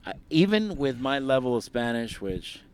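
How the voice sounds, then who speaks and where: A man's voice: medium pitch, moderate pace, slight background noise. A man chatting casually as a podcast guest, joking and slipping into playful voices. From Miami area. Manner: animated, jokey, slips into playful Spanish voices. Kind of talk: casual chat.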